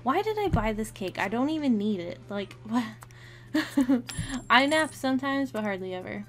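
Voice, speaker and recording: A young woman with a highish, sing-song voice provides chatty, giggly commentary on a life-simulation game at a normal speed. In this casual let's-play, she often talks to her characters, with faint game music behind her.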